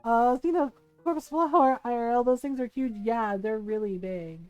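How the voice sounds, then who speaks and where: A woman's voice: fairly high pitch, moderate pace, a little mellow, smooth, no echo, faint music behind. A woman streaming a game, chatting casually and thinking aloud with lots of fillers and little laughs. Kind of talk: casual gameplay commentary.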